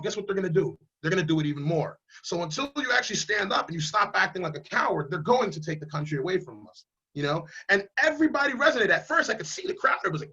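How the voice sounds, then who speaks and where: A man's voice: high-pitched, sharp tone, husky, muffled recording. A man running for Congress who speaks emphatically and bluntly in a casual interview over a video call. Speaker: congressional candidate.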